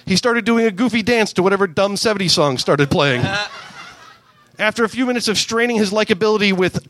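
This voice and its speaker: A man doing a deadpan comic reading of a crude story at a live show. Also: sits high, slight background noise. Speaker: comedian reading fan fiction. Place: live comedy venue.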